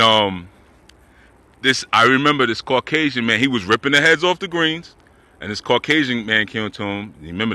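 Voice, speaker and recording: A spiritual teacher with a lowish, sharp-toned voice tells stories while walking outdoors in the woods. His casual talk is laid-back and rambling, sprinkled with slang.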